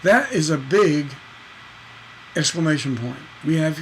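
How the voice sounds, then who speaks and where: A man teaching songwriting on a livestream, taking a lyric apart in a playful, animated way and singing out the syllable patterns as he goes. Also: fairly high pitch, moderate pace, slight background noise, poor audio.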